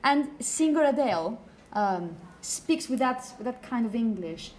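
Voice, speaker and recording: A woman's voice: on the high side, animated, a little slow, a little mellow. A woman teaching a phonetics class in a classroom, chatty and apologetic, putting questions to her students. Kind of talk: classroom lecture.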